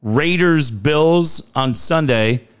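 A man's voice: fairly high pitch, drawn-out words, smooth. A male co-host in casual sports chat, telling profane, sarcastic stories.

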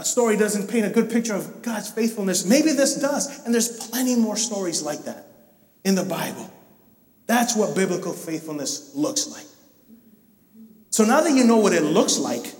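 A man's voice: sits high, darkish tone. A man preaching a sermon, telling a story animatedly and acting out its scenes. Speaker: pastor. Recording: echoey hall, mic far off.

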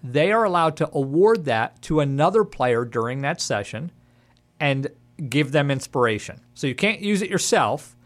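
A man's voice: fairly high pitch, big pitch swings, moderate pace. A man hosting a casual gaming podcast who speaks as a dungeon master and gives his opinions bluntly.

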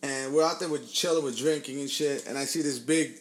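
A man chatting casually among friends, telling an animated story full of swearing and acted-out quotes. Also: medium pitch, brisk. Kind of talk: casual podcast chat.

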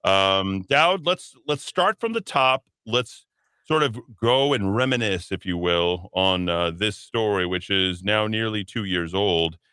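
A man's voice: lowish voice, lively intonation, unhurried, bright, forceful tone, clear, resonant tone, no room sound. A man hosting a talk radio show, rambling and sardonic, with many fillers and asides. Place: radio studio.

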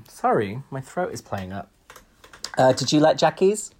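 A man's voice: medium pitch, very animated, moderate pace, darkish tone. A man co-hosting a podcast, chatting casually and opinionated, with frequent ums. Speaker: podcast co-host. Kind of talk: casual chat.

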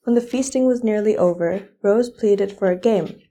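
A teenage girl reads a fairy tale aloud in an expressive storybook style. Her voice is mellow and warm, sitting at a middle pitch. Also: normal speed, few pauses. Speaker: student reader. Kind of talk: storybook reading.

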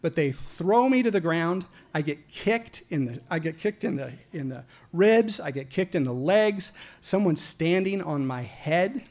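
A man from Idaho telling a personal story to an audience, animated and profane, often stumbling into repeated words. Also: fairly high pitch, a little slow. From Idaho, USA.

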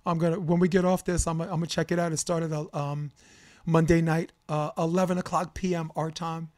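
A man's voice: fairly high pitch, flat delivery, brisk, a little mellow, no room sound. Opinionated man hosting a sports podcast. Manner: opinionated, candid, rambling with fillers. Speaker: podcast host, volleyball coach and commentator. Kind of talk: casual sports debate podcast talk.

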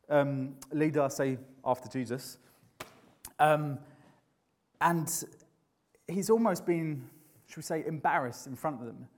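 A man preaching a sermon in a conversational, earnest way, often restarting his sentences. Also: a little high.

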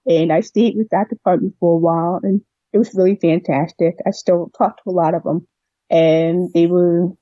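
A young deaf woman telling a long personal story in an interview, replaying what people said to her with lively voices. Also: lowish voice, no echo, lo-fi sound. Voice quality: deaf speech. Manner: rambling, animated retelling of dialogue. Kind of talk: casual storytelling.

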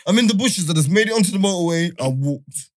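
A man, telling a story in casual podcast chat, animated and full of laughter and slang. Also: high voice, fast, no room sound, clean studio sound. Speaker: podcast host.

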